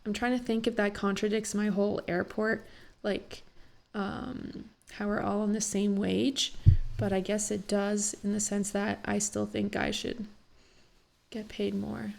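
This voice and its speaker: A young woman rambles through a casual reaction vlog, her voice gravelly with fry. She is still teary after crying and fills her talk with "like.". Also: mid-range voice, little pitch movement, measured pace, a little mellow. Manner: emotional, rambling, many "like" fillers. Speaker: vlogger reacting to a talk show.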